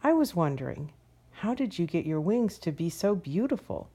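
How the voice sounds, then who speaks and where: A woman's voice: on the low side, very animated, moderate pace, dark tone, breathy edge. A woman voicing a curious, shy little male moth in a storybook, asking eager questions. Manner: eager, wide-eyed questions.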